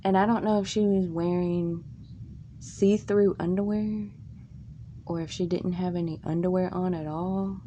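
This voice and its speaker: A woman from Tennessee telling crude, funny stories from her life in a casual, drawn-out way. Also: steady tone, dark tone, lo-fi sound, a little hiss or hum. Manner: slow, drawn-out delivery with crude jokes and squeaky put-on quotes. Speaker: comic storyteller. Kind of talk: casual comic storytelling.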